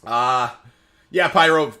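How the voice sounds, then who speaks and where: Here the streamer speaks slowly in a mid-range voice that sounds bright and forceful. A man in his thirties playing a game, he chats loosely with lots of fillers and responds to viewer messages he reads out as they pop up.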